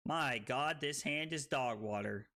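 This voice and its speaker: A young woman streaming and commentating a card game tournament, animated and quick to laugh. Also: extremely low pitch.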